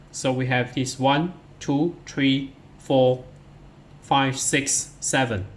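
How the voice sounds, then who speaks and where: A man's voice: medium pitch, fairly bright tone, slight background noise. A man teaching English to pupils, walking through workbook answers step by step and counting syllables aloud one at a time. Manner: addresses pupils directly, starts many lines with "so".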